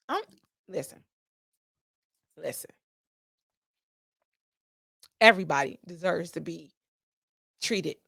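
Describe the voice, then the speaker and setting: A woman hosting a casual solo podcast, talking straight to her listeners. Her delivery is sassy and emphatic, full of sharp rhetorical questions. Her voice sits at an ordinary pitch for a woman, and the sound is dry and close with no room echo. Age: adult with children. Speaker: podcast host.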